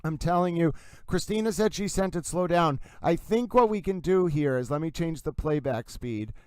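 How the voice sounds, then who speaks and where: Insistent Massachusetts man, high smooth voice. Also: expressive, moderate pace, dry recording. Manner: emphatic, insistent, repeatedly addresses "ladies and gentlemen". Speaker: livestream host. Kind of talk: courtroom commentary stream.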